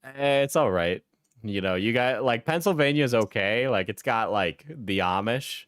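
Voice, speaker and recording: A man's voice: medium pitch, expressive, unhurried, a bit bright, no room sound, studio quality. A man in his twenties, a live streamer, chatting casually and telling rambling stories with lots of slang and swearing.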